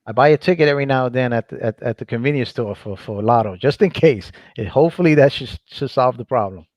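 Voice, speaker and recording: A man's voice: mid-range voice, fast, darkish tone, no echo. A male guest on a livestream, talking casually with enthusiasm and frequent restarts. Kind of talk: casual chat. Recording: dull dry call audio.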